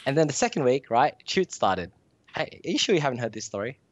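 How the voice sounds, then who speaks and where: A man's voice: medium pitch, sing-song, quick pace. A young Australian man telling a long story as a podcast guest, rambling with lots of fillers. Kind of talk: casual storytelling. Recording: dull dry sound.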